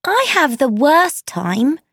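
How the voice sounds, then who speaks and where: A prim, complaining youngest sister from a storybook, as a woman puts her on, clearly higher than the narration. Her pitch swings up and down, and the sound is dry and close. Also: very animated, takes it slowly, no room sound, exaggerated voice. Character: youngest sister, fussy little girl. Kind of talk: storybook reading.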